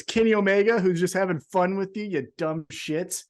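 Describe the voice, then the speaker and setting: A man's voice: sits high, sing-song, brisk, few pauses. A man co-hosting a wrestling podcast, ranting with heavy swearing and mocking put-on voices. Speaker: podcast co-host. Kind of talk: profane ranting wrestling chat.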